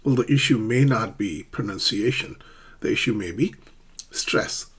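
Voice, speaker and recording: A man teaching English pronunciation in an online lesson, speaking deliberately and repeating words to demonstrate how their stress shifts. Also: on the low side, a bit bright, breathy edge.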